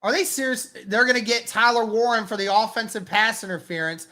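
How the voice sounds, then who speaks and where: This woman runs a live football watch-along stream, narrating plays, thanking chat members, and letting out lively, exasperated outbursts. She speaks on the high side, a little quickly, with few pauses.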